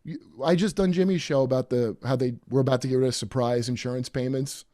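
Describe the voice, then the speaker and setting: A man hosting a podcast in casual chat, rambling and animated with many fillers and restarts. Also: mid-range voice, fast, dry recording, clean studio sound. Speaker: podcast host.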